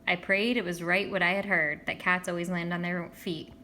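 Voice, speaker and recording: A woman's voice: on the low side, little pitch movement, normal speed, pushed and bright, a little hiss or hum. A woman reading a children's novel aloud, expressively voicing its characters. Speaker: audiobook reader.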